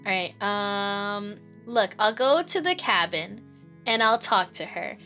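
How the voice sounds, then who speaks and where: Bright chatty streamer girl, giggly and rambly, swears a lot, faint game music under her. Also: medium pitch, slow pace. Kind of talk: casual live-stream chat.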